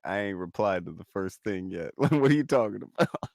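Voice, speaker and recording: A man's voice: low-pitched, animated, brisk, creaky, dry recording, studio quality. A man co-hosting a podcast in casual chat, laid-back, reacting with laughs and questions. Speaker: podcast co-host.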